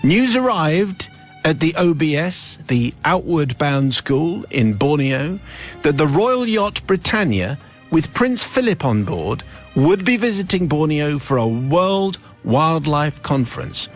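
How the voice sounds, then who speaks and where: Male radio host, middle-aged, fairly high voice, lively storytelling, faint music underneath. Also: slow pace. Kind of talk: radio show reading a listener's letter.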